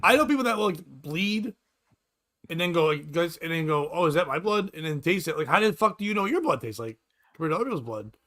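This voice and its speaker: A man's voice: fairly high pitch, very animated, fast talker, a bit bright. A man hosting a comedy podcast, trading crude jokes in casual banter and laughing often. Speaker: podcast host.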